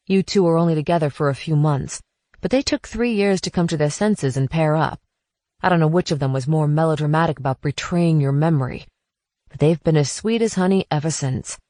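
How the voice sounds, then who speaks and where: A woman's voice: low voice, a little fast, mellow, no room sound, clean studio sound, natural voice. A woman narrator voicing a blunt, pushy middle-aged female friend in an audiobook. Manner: frank, pushy.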